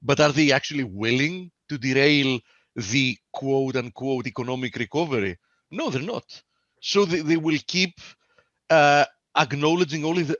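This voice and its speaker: A man's voice: mid-range voice, a bit bright, dry recording. A man from Greece, talking markets bluntly and with firm opinions on a video call. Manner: blunt, opinionated, self-assured. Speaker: market analyst on a trading webinar. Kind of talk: casual market chat. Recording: dull, dry video-call audio.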